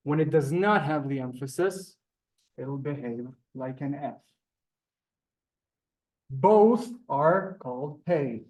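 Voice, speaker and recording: A man teaching a live beginners' Hebrew class, halting and repeating words, polite to his students. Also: fairly high pitch, animated, darkish tone.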